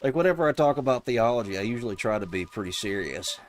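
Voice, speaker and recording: A man's voice: medium pitch, animated, fast talker, slight background noise. A man streamer in casual chat, telling stories in a rambling, amused way.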